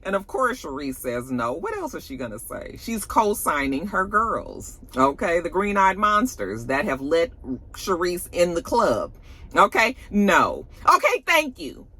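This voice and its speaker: A woman recapping a reality show in a blunt, sassy way, swearing freely and acting out the cast. Her voice is bright and forward. Her pitch leaps and dips all through her talk. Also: big pitch swings, a little slow. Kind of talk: casual TV recap commentary.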